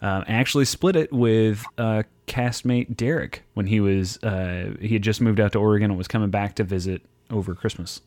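A man's voice: fairly low pitch, moderate pace, hardly any pauses, darkish tone, no room sound. A man co-hosting a casual chat show, telling rambling stories laced with profanity. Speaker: podcast co-host.

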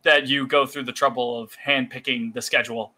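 Bright, teasing male podcast co-host. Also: mid-range voice, steady tone. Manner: quick quips and teasing. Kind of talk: casual chat.

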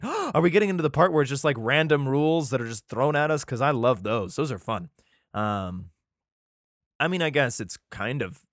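A man's voice: mid-range voice, fairly bright tone, no echo, studio quality. A man reading archaic scripture aloud, stumbling over words and breaking off into irreverent, swearing, joking commentary. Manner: stumbles and restarts while reading archaic text.

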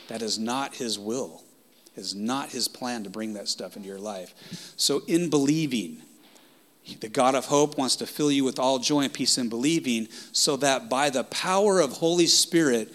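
A man preaching a sermon with passion, swinging from loud outbursts down to hushed whispers. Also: medium pitch.

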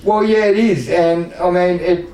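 A middle-aged Australian man speaks candidly, blunt and wry as he tells his story. His voice is dark and mellow. It sits back from the mic in an echoey room with a faint hum underneath. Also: high-pitched, measured pace, far from the mic. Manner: blunt, emotional, self-mocking humor. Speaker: service user guest.

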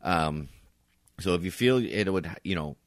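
A man's voice: low voice, a little slow, dry recording, studio quality. A man co-hosting a podcast, telling stories in casual chat and swearing freely. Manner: relaxed storytelling, swears freely. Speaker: podcast co-host.

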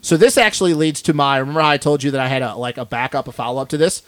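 A man's voice: mid-range voice, racing, fairly bright tone, no echo. A man co-hosting a podcast in a studio, ranting bluntly and swearing a lot in casual chat. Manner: blunt, profane, fired-up ranting. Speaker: podcast co-host.

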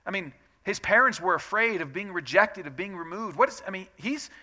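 A pastor preaches in a loose, conversational way, speaking in a bright, ringing voice. He drops to a hush for acted prayers and then rises to loud emphasis, with a fairly high pitch for a man throughout. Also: animated, a little fast. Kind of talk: sermon.

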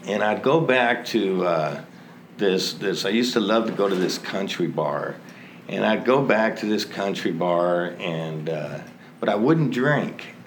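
Slow-talking man telling his recovery story. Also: sits low, lively intonation, a little hiss or hum. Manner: slow, conversational, self-mocking with laughs. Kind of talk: storytelling testimony.

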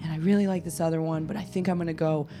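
A woman's voice: deep voice, fairly even intonation, racing, warm tone, a little hiss or hum. A woman who is a guest on a podcast, casually telling stories and laughing often. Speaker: dungeon worker guest.

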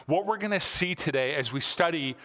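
A man's voice: fairly high pitch, animated, a little fast, fairly bright tone, big-room sound. A male pastor preaching a sermon in a conversational way, with frequent fillers.

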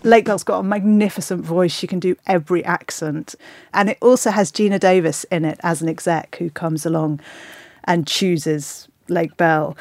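A woman's voice: fairly low pitch, darkish tone, no room sound, studio quality. A woman hosting a casual chat about films, enthusiastic and opinionated. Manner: enthusiastic, opinionated, quick to act out quotes. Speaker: podcast host discussing films.

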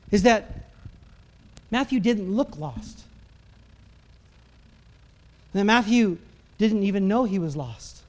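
High-voiced pastor guy telling a story in his sermon, really animated, guitar playing under him. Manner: animated storytelling, acting out frantic family shouts. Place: church auditorium.

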